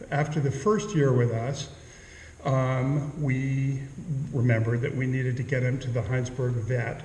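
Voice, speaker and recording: A man's voice: medium pitch, a little mellow, a little hiss or hum. A middle-aged man telling a humorous story on stage, in a dry, understated way. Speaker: storyteller, local author. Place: town hall stage. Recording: echoey hall, distant mic.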